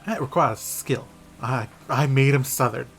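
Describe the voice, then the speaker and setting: A man streaming a story game live, chatting and reacting out loud as he reads. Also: mid-range voice, unhurried, faint music behind.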